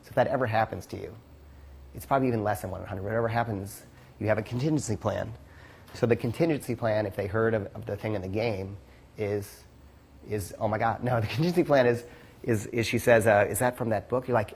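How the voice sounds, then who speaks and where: A man's voice: lowish voice, fairly quick, creaky, slight background noise. A man teaching a casual seminar as a dating coach, rambling with lots of "like" and "you know" and the odd curse.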